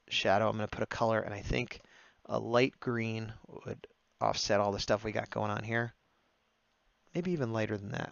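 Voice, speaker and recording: Speaking in a creaky, medium-pitched voice, a livestreaming artist narrates his drawing for viewers as he takes requests, chatting away and often laughing at his own jokes. The lo-fi audio is dull with no echo.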